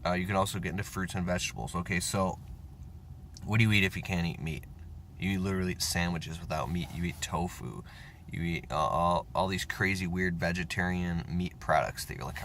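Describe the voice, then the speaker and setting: A man in his thirties talking casually in a profane, rambling, animated monologue, with whispered asides. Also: deep voice, a little fast, slight background noise. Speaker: self-help vlogger.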